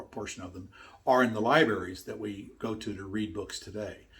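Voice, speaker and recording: An older man giving a motivational talk. He tells a story in an earnest, emphatic way and repeats his key points. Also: fairly low pitch. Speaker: speaker teaching his own method.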